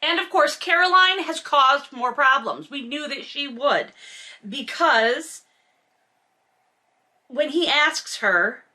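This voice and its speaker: A woman's voice: high-pitched, expressive, takes it slowly, pauses often, pushed and bright. A woman in her forties reading a novel aloud and mocking it with sarcastic, exasperated asides. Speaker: host reading and commenting on a novel. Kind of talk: comedic book commentary.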